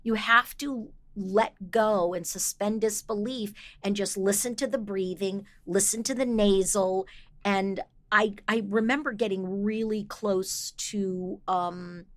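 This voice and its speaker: A woman voice actor talking as a podcast guest, enthusiastic and quick with asides, often restarting her thoughts. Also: mid-range voice, steady tone. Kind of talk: casual interview chat.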